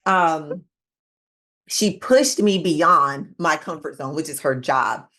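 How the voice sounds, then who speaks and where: A woman in her thirties hosting a casual interview, telling a personal story in an animated way and acting out what people said. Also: takes it slowly. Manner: animated storytelling, acting out quoted lines with big pitch jumps. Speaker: podcast host.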